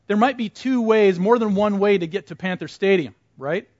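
High-voiced man teaching a Bible class. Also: moderate pace, a little mellow, no room sound, dull audio. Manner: conversational, quizzes the class and repeats back their answers.

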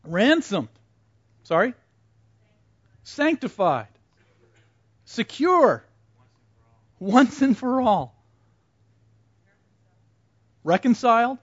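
High-voiced man teaching a Bible class. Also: sing-song, very slow, long pauses, slightly rough, no room sound, dull audio. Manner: conversational, quizzes the class and repeats back their answers.

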